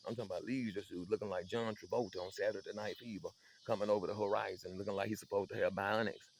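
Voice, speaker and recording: Man, low-pitched, stammering comic storyteller. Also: fairly even intonation, fast talker. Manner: stammering repetitions, laughing asides. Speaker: storyteller host.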